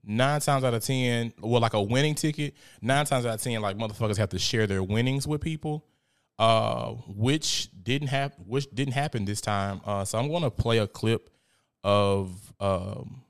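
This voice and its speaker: A man's voice: medium pitch, moderate pace, clear, resonant tone. A young man hosting a live show, chatting casually and animatedly with lots of swearing. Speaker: show host. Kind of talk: casual live-stream commentary.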